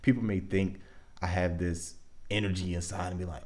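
A young man with a Baltimore accent talks alone on his podcast. His voice sits very low, and he sounds relaxed and conversational, thinking out loud with lots of "like" and "um". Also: moderate pace. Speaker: podcast host. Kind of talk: casual solo podcast monologue.

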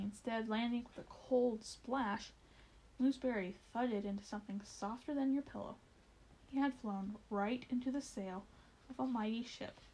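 Gravelly woman reading a children's story. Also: on the high side, slight background noise, poor audio. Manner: expressive, speaks to the listener.

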